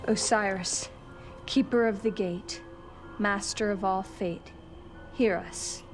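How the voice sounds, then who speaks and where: An actress playing a young witch in a TV drama, speaking softly and slowly. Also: mid-range voice, steady tone, music in the background, close to an everyday voice. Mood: chanting. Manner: soft-spoken, slow, hushed.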